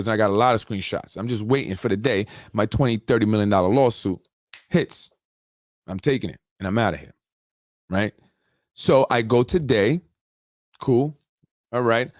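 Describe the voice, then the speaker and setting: A man hosting a talk show, telling a story in a casual, animated way with street slang and repeated points. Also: mid-range voice, dry recording, clean studio sound. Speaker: show host.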